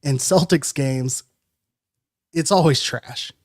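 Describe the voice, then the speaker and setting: A man's voice: on the high side, slow. A man co-hosting a casual sports podcast, rambling and joking with lots of filler words. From Madison, Wisconsin. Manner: rambling, jokey, many fillers. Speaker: podcast co-host.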